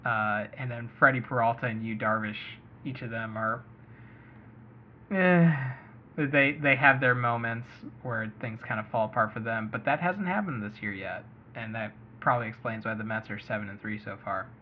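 A man hosting a casual fantasy baseball podcast speaks in a mid-range voice at a moderate pace, a little hiss or hum audible behind him. His talk is conversational and full of hedging as he thinks aloud, all in muffled lo-fi audio.

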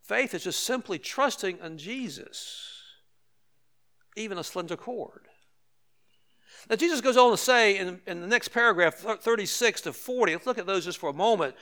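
An older man delivers a sermon in a fairly high voice. He preaches conversationally, repeating key phrases for emphasis and tossing asides to his listeners. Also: expressive, moderate pace, a bit bright. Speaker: pastor.

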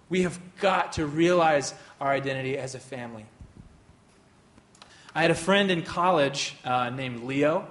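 A man with a slightly high voice leads a faith teaching talk, telling a personal story. He speaks earnestly and loosely, full of fillers and restarts. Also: fairly bright tone.

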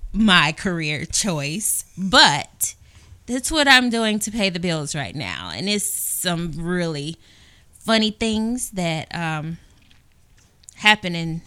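A woman's voice: lowish voice, pushed and bright, no echo. A woman with a Southern US accent, co-hosting a casual podcast and chatting playfully with stories. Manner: playful, talkative, storytelling. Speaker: podcast co-host.

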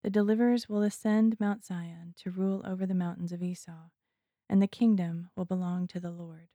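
Woman scripture reader, solemn and measured, low dark voice, dry close sound. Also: fairly even intonation, no room sound. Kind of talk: scripture reading.

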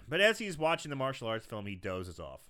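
A man's voice: medium pitch, big pitch swings, sharp tone. A man casually recapping a movie scene by scene on a podcast, rambling, swearing and laughing easily. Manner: rambling, profane, quick to laugh. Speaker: podcast host.

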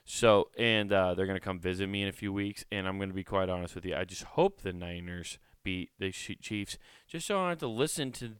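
A man's voice: sits low, fairly quick, few pauses, clear, resonant tone, dry recording. A man hosting a solo podcast, talking close to a microphone in a rambling, joking way and swearing freely. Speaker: podcast host. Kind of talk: casual solo podcast chat. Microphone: close studio microphone.

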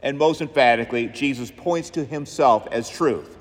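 A man's voice: mid-range voice, moderate pace. A male pastor preaching a sermon in an emphatic, rhythmic style, leaning on repeated phrases. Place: church. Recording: long church reverb.

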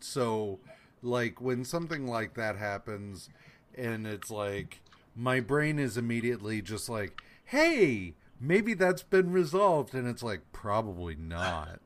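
Animated swearing man chatting comics. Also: on the low side. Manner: animated, swears casually, slips into mock voices. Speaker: podcast co-host. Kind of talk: casual comics discussion.

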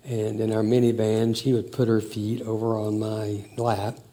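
An older man telling family stories in a slow, reflective, emotional way. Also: lowish voice, level tone. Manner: slow, warm, emotional storytelling.

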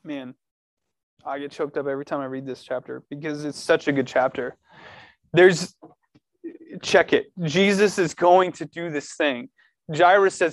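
High-voiced earnest young preacher. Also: male voice, moderate pace, dry recording, studio quality. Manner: earnest, animated preaching with casual slang. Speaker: youth preacher. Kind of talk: sermon to a youth group. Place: church room.

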